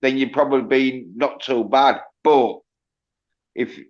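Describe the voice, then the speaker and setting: Man, Hull accent, rambling casual chatter; slow delivery, dull lo-fi chat audio. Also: mid-range voice, fairly even intonation. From England. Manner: rambling, lots of fillers and restarts. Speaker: chat participant.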